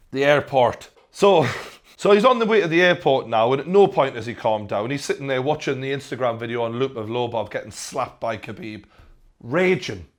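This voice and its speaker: A young man with a Geordie accent, hosting a comedic news rant with sarcastic, deadpan repeated punchlines. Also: mid-range voice. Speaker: host.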